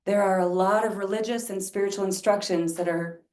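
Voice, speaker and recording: A woman leading a spiritual service, guiding a chant-based practice in a slow, gentle way. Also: medium pitch, steady tone. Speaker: service leader. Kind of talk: guided spiritual practice talk. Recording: roomy sound from a distance.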